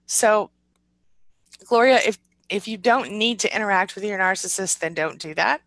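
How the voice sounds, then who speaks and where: A woman talks quickly and warmly into a close mic, greeting viewers and reading their comments. Her mid-pitched voice carries a gravelly creak. The sound is dry with no room echo. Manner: quick, warm-hearted talk with restarts and fillers. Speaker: live-stream host and recovery coach. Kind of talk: casual live-stream chat, reading viewer comments.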